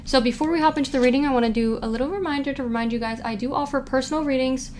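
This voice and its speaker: A woman's voice: high-pitched, very fast, a little hiss or hum. A young woman giving a casual pick-a-card tarot reading, chatty and giggly, reading quotes aloud with playful asides. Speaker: tarot reader.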